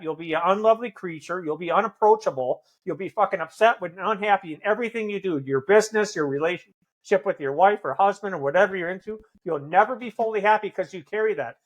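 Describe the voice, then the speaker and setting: A man talking as a podcast guest, blunt and earnest, swearing often in candid conversation. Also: high voice. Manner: earnest, intense.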